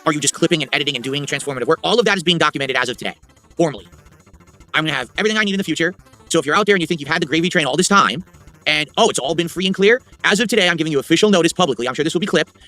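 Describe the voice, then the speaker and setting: A man streaming live, talking in a rambling, defiant monologue to his chat that often drops to a low mutter. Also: expressive, racing, pushed and bright, soft background music. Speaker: livestreamer.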